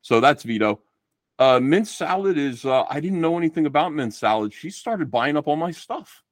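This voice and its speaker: Animated, swearing man in dry sound. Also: on the high side, moderate pace, dry recording. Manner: animated, swearing, acts out quoted exchanges. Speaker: guest. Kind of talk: casual podcast chat.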